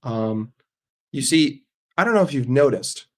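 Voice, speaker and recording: A man with a voice of middle pitch hosts a live stream and answers his chat in a loose, casual way. He talks bluntly, swears a lot and makes quick jokes. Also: animated, a little mellow. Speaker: livestream host.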